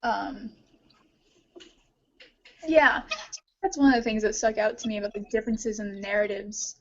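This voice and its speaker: In a casual podcast discussion, this female co-host talks in a rambling way, packed with fillers. She has a mid-range voice and a moderate pace, and the audio is dull and lo-fi.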